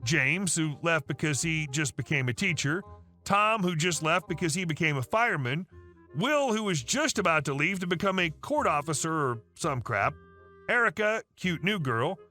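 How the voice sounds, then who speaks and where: A man's voice: a little high, expressive, moderate pace, bright, forceful tone. A man narrating online stories in a casual, wry storytelling tone. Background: faint music.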